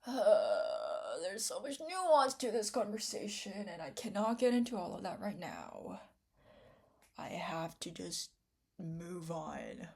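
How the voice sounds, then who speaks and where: A woman's voice: lowish voice, big pitch swings, takes it slowly, vocal fry, a little mellow, slightly rough. A young woman rambling to camera in an unedited vlog, tearful, with many fillers, restarts and self-interruptions. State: tearful after crying. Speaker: vlogger.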